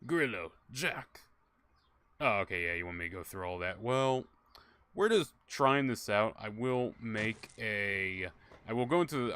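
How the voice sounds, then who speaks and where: A man's voice: fairly low pitch, bright, forceful tone, slight background noise. A man commentating casually on his own live gameplay stream, rambling and joking with plenty of swearing. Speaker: game streamer. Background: game music and gunfire.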